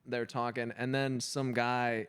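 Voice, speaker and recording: A man hosting a comedy podcast, pitching sketch ideas in casual chat and laughing often. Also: flat delivery, unhurried, fairly bright tone, clean tone. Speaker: podcast host.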